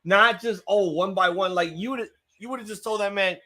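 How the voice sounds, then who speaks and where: A man hosting a live wrestling watch-along, reacting with excitable, profanity-laced outbursts while his voice gets strained. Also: high voice, normal speed, few pauses. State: voice getting strained.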